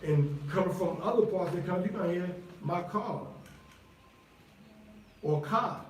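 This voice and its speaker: A man's voice: a little high, warm tone. A man, teaching from the Bible in a loose, conversational way, with lots of fillers and repeats. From New York. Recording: very echoey room, voice from far off.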